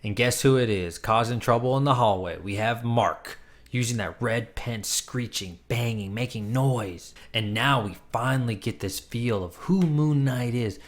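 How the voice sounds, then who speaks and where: A man's voice: mid-range voice, measured pace. A man casually reviewing a comic book, retelling the plot with enthusiastic, chatty energy.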